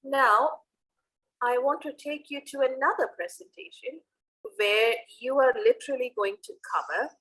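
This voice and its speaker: A woman's voice: high-pitched, measured pace, a bit bright, low-quality recording. A young woman teaching how to evaluate speeches, explaining step by step with many rhetorical questions. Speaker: public speaking coach. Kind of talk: online teaching talk.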